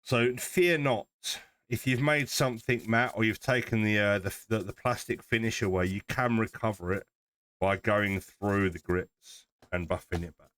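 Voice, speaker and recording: A man's voice: on the low side, normal speed, a bit bright, clean tone. A man with a Southern English accent, chatting casually on a livestream while building a model kit, rambling and restarting his sentences. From southern England. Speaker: livestream host.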